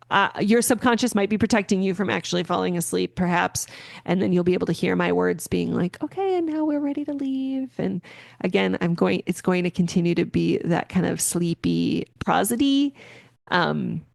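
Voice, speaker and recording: Low, gravelly-voiced woman rambling casually. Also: normal speed, dry recording, studio quality. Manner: rambling, filler-heavy, gently encouraging. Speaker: podcast host. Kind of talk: casual spoken explanation.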